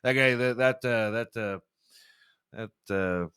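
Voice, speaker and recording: A young man rants on his podcast, rambling and swearing, tripping over restarts as he goes. His voice sits at an ordinary middle pitch. It is recorded close and dry with no room sound. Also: measured pace, fairly bright tone, clear, resonant tone, no room sound. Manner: rambling, profane, stumbling restarts, laughs at own jokes. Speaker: podcast host. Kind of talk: casual podcast rant.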